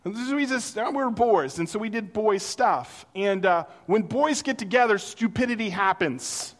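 A man's voice: high voice, moderate pace. A man preaching a sermon in a conversational way, telling personal stories and acting out the people in them. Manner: conversational, animated storytelling with acted-out quotes. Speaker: pastor. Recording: long reverb of a hall.

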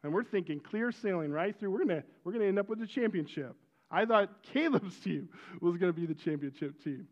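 In a dull-sounding recording, a middle-aged pastor delivers a story-filled sermon at a fairly quick pace. His voice sits high, and his animated telling breaks into loud exclamations.

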